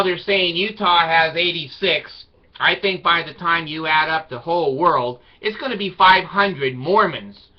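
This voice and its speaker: A man talking to camera in a loose, rambling monologue, wry and irreverent in tone. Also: a little high. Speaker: video blogger. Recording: slightly dull lo-fi recording.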